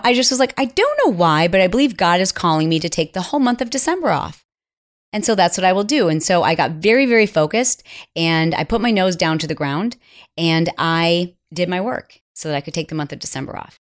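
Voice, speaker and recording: Earnest, confiding woman podcast host. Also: fairly low pitch. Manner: earnest, confiding, drops to near-whisper at emotional moments. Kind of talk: personal storytelling monologue.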